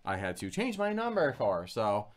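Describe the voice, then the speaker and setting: A man's voice: fairly low pitch, moderate pace. A man hosting a casual livestream chat, telling stories with lots of laughter and acting out the voices of the people he quotes. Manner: animated storyteller who laughs often. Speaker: livestream host.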